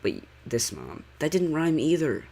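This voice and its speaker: A man with a fairly high, sing-song voice that is mellow, slightly rough, and touched by vocal fry speaks a little slowly. As a channel critic, he gives sarcastic reaction commentary, rambling and leaning heavily on "like" while poking holes in what he watches.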